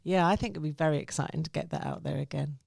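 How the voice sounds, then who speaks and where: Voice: medium pitch, fast, gravelly, a little mellow, no echo, studio quality. A co-presenter raised in the United Kingdom, chatting effusively and laughing often. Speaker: radio co-presenter. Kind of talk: casual interview hosting.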